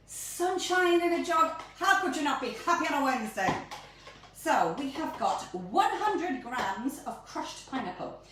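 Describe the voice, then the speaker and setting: A woman hosting her own baking show, chatting playfully through a recipe and often tripping over her words. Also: sits high. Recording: very echoey room, mic at a distance, faint noise.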